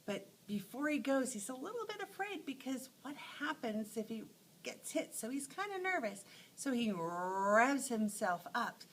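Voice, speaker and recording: Animated woman teaching letter sounds. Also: fairly high pitch, a little slow, slight background noise, low-quality recording. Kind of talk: phonics lesson storytelling.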